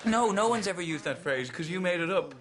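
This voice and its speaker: Man, comedian, teasing banter, bouncy higher voice, show crowd noise behind. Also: expressive, fairly bright tone. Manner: teasing, interrupting, quick laughs. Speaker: comedian co-hosting a DVD commentary. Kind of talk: bantering commentary. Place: commentary booth.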